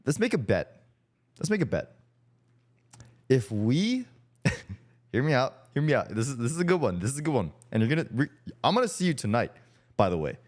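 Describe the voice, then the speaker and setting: A man's voice: medium pitch, big pitch swings, brisk, pauses often, a little mellow. A young man hosting a streamer podcast, teasing his guest in casual chat, swearing freely and laughing often.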